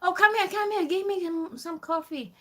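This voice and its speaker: A woman's voice: extremely high pitch, moderate pace, sharp tone, voice pushed up. A woman voicing a stubborn, rude older woman customer who talks haughtily and indignantly. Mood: demanding.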